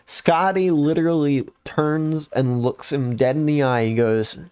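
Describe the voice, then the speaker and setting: A man's voice: on the high side, steady tone, measured pace, darkish tone, smooth. A young adult man casually recounting a game story on a podcast, rambling with lots of fillers. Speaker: podcast host.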